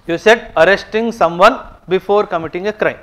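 A man with an Indian English accent and a rather high voice gives a classroom lecture on current affairs. He works through each point methodically, repeats the important terms and checks that his students are following. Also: normal speed, fairly bright tone. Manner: explanatory, repeats key terms, checks in with "okay?". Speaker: civil services exam teacher.

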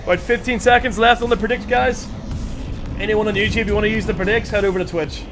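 A man with a Northern Irish accent, commentating live on his gameplay in an excitable, chatty way, calling out to his viewers. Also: high-pitched, quick pace. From Northern Ireland. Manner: excitable, chatty, calls viewers lads and chat. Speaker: game streamer. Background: music.

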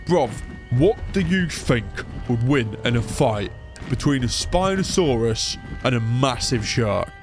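A gamer doing a half-drunk party lad in a video game let's play, drawling and chummy, pitched a little above his usual voice and a touch louder, with game music behind it. it's a quick comic bit, not a full character. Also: animated, lightly acted. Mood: matey. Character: tipsy young lad at a frat party.

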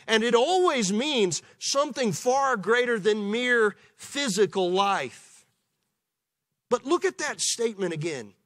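A man preaching a sermon as pastor, in a measured way with slow, emphatic pauses. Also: high-pitched, a bit bright. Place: church.

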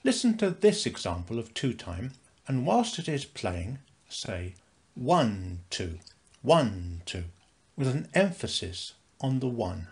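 Brief: British male tutor, unhurried scripted lesson read, animated pitch, counts beats with strong stress. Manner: slow, clear, counting beats aloud with stress. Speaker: music teacher. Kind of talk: scripted instructional narration.

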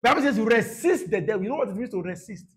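Fiery preacher, high lively voice. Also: male voice, rapid-fire. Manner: dramatic, swings from soft murmurs to shouted bursts; repeats phrases for emphasis, laughs at his own points. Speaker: pastor. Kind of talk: sermon.

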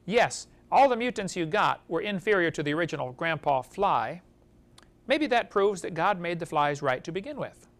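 Male lecturer, higher voice, folksy storyteller who chuckles as he teaches a class. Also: big pitch swings, normal speed, a bit bright. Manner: folksy storytelling, chuckles at his own jokes.

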